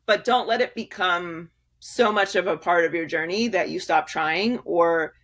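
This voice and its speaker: A woman's voice: lowish voice, measured pace, a bit bright. A woman guest in an interview, speaking candidly and emphatically, laughing often and restarting her sentences. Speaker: sports media guest.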